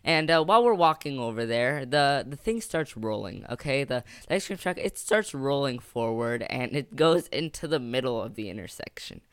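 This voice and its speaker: A man's voice: medium pitch, expressive, moderate pace, few pauses, clean tone, no echo. A young man casually narrating a funny storytime, rambling and jokey with lots of filler words.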